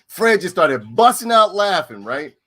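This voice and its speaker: A middle-aged man telling stories in casual chat. He is animated, swears freely and repeats his lines for effect. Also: sits high, measured pace. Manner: animated, profane, repeats himself. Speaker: storyteller.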